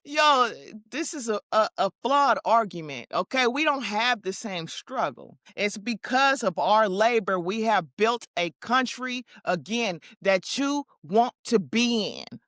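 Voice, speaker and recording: A woman hosting a commentary show, talking in animated, slangy, mocking as she reacts to clips. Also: a little high, a little slow, few pauses, no echo, clean studio sound. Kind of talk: casual commentary on news clips.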